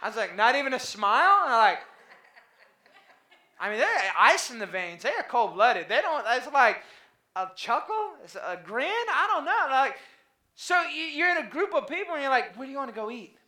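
Male pastor, bright and forceful delivery, casual storytelling sermon, echoey church room. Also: very high voice, sing-song, moderate pace. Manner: conversational, anecdotal preaching with dad jokes.

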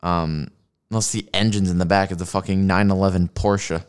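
A man's voice: sits low, steady tone, moderate pace, smooth. A man ranting on a stream as he reacts to videos, swearing often and laughing at his own jokes, into a desk microphone. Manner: profane, sarcastic rant with laughs. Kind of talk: ranting commentary while watching videos. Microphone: streaming mic at a desk with a mixer.

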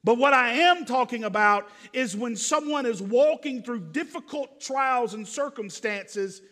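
A man preaching a sermon as pastor in a church, earnest, turning soft and gentle. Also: extremely high pitch, a little slow, in a large hall. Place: church sanctuary.

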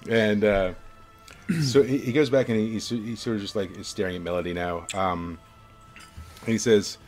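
Rambling young game master, low voice. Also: male voice, slow, pauses often, faint music behind. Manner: rambling, many fillers. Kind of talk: narrating a tabletop game.

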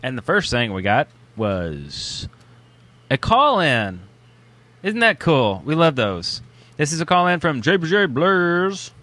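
A man in an easygoing podcast chat. He talks slowly, with a bright tone and a lively, swooping pitch. He is goofy and laughs often. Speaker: podcast co-host. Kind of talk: casual chat.

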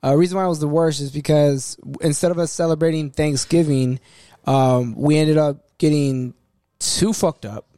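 A man telling a rough story in casual group chat, frank and profane. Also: a little high, steady tone, normal speed, mellow, no room sound, studio quality. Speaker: podcast guest telling a story.

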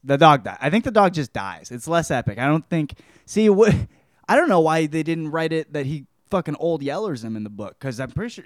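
A man's voice: medium pitch, dry recording, studio quality. A man hosting a podcast who gives a rambling, crude and profane book review. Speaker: podcast host.

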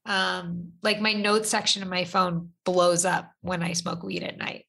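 A woman's voice: lowish voice, fairly even intonation, a little slow, gravelly, a bit bright. A young adult woman chatting casually as a guest, rambling with lots of fillers. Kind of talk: casual chat.

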